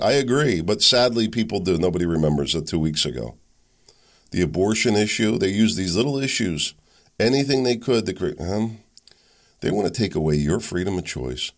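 A man hosting a political talk show, giving a blunt, opinionated monologue with frequent restarts. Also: low voice. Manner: animated, blunt, with frequent restarts and mock voices.

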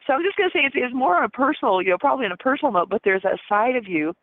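A woman's voice: fairly high pitch, big pitch swings, rapid-fire, few pauses, no room sound. A chatty woman psychic talks through a thin, tinny phone line. She laughs often and is full of fillers. The sound is dry and close, with no room in it. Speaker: psychic guest. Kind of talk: casual reading on a call-in show.

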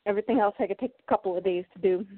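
A woman's voice: mid-range voice, very fast, no echo. Woman co-host, chatty, repeats herself, dry phone-quality audio. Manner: chatty, repeats words while searching. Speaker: co-host of a toy collecting show. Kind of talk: casual chat.

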